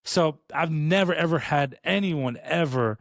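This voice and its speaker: Man, podcast co-host, casual storytelling, fairly high voice, dry close sound, quick and animated. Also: gravelly, dry recording. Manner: animated, acts out quoted lines in a raised voice; fast, rambling with restarts. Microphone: studio podcast mic.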